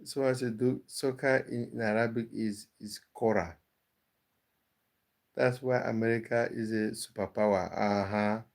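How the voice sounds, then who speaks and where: With a lowish voice marked by vocal fry, this man speaks a little slowly and keeps his intonation fairly even. He's hosting a casual livestream, reading viewer comments and often repeating words as he begins again.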